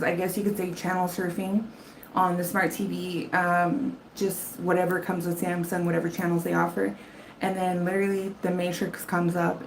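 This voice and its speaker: A woman's voice: fairly low pitch, a little hiss or hum, rough recording. A woman spiritual reader telling a rambling story live from home, swearing casually. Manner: rambling, animated, swears freely. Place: home in Arizona, fan running.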